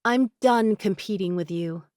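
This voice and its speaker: A prickly, remorseful younger sister in a raised, emotional voice, as a woman narrator puts her on. She sits noticeably higher than the narration. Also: a little slow, a little mellow, no echo, studio quality, lightly acted. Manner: higher, emotional, shifting from guarded to teary.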